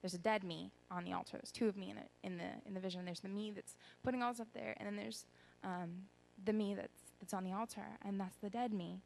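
A woman's voice: mid-range voice, steady tone, fairly quick, vocal fry, darkish tone, slight background noise, poor audio. Earnest young woman sharing a testimony. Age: young adult. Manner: earnest, rambling, many ums. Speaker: speaker giving a testimony. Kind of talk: personal testimony at a church gathering.

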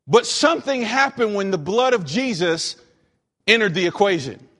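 A man from Western North Carolina preaching a sermon as pastor, emphatic, slowing down for scripture and dropping in joking asides. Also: sits high, sing-song, bright, forceful tone. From Western North Carolina, USA. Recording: long hall reverb.

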